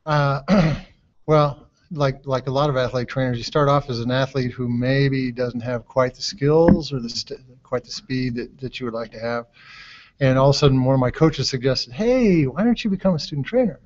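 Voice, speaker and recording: A man from Iowa, an athletic trainer, answers interview questions in a relaxed, self-deprecating way, rambling through his story. The recording is dull and lo-fi. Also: mid-range voice, normal speed. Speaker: athletic trainer and program director. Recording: dull lo-fi mobile broadcast.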